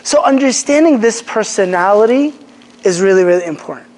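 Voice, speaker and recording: A man giving a casual religious lesson to young people, telling animated stories, acting out quotes and restarting his sentences often. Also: high-pitched, brisk. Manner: animated storyteller, acts out quotes, many fillers and restarts. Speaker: Islamic teacher. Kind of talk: casual religious lecture to a youth group. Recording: long hall reverb.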